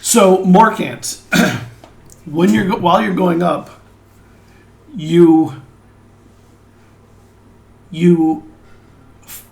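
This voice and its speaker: A man narrating a tabletop game as game master, describing scenes slowly through a headset mic. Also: on the high side, creaky, darkish tone, reverberant.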